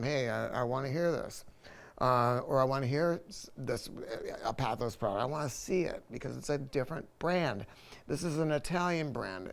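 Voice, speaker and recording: Gravelly, rambling hi-fi dealer man. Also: on the high side. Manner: rambling, enthusiastic, self-interrupting. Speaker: hi-fi dealer host. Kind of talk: casual product talk to camera.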